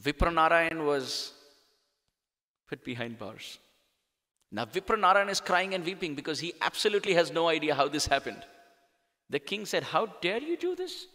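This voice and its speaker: A man's voice: a little high, lively intonation, normal speed, long pauses, sharp tone. A man giving a sermon, telling a devotional story in a dramatic style with acted quotes. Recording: long hall reverb.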